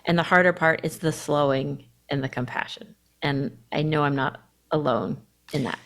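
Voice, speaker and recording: Candid, reflective woman co-host, lowish voice. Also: steady tone, normal speed, creaky. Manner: candid, self-reflective, acts out inner voices with sudden loud bursts. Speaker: podcast co-host. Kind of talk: reflective conversational chat.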